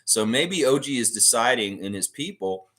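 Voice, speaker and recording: A man hosting a casual livestream chat, rambling in a relaxed way and reading viewer comments aloud. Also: mid-range voice, moderate pace. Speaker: livestream host.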